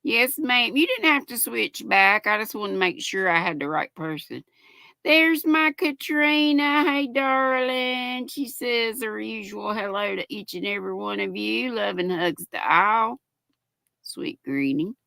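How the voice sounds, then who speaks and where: A woman's voice: fairly high pitch, lively intonation, measured pace, vocal fry, pushed and bright, no room sound. An older woman, hosting a casual live-stream chat and reading viewer comments aloud in a chatty, affectionate way. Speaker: host.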